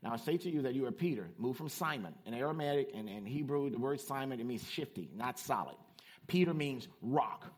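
A man preaching a lively sermon, swinging between loud, emphatic lines and quieter explanations. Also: a little fast. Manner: animated, swings from shouting to low asides.

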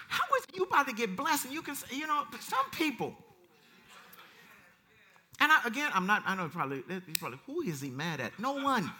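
A man preaching a conversational sermon, reading verses and commenting with animated swings from quiet asides to loud emphasis. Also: very high voice, a little fast.

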